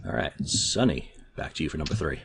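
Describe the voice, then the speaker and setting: A middle-aged man hosting a casual podcast chat, his voice sitting very low. He talks in an easygoing, rambling way and hands the turns to his co-hosts. A faint hiss of noise sits under the recording. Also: a little fast, vocal fry. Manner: relaxed, chatty, steers the turns. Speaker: podcast host.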